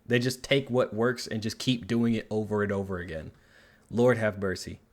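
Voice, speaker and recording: A man's voice: on the low side, fairly even intonation, moderate pace. A man giving a ranting, profane film commentary in an exasperated, digressive way. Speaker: movie reviewer.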